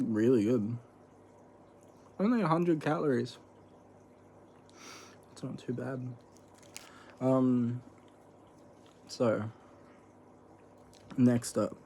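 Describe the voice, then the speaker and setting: A young man talks in a loose, rambling vlog style, full of slang and casual swearing. His voice is mellow and of medium pitch. A faint hum of room noise sits behind him. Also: vocal fry. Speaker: vlogger. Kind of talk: casual eating vlog chat.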